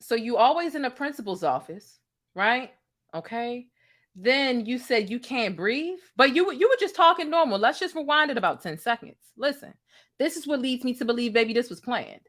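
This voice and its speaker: A woman's voice: on the high side, expressive, moderate pace, a bit bright. A woman hosting a reaction commentary, sassy and incredulous, talking straight to the viewer. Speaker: commentary host.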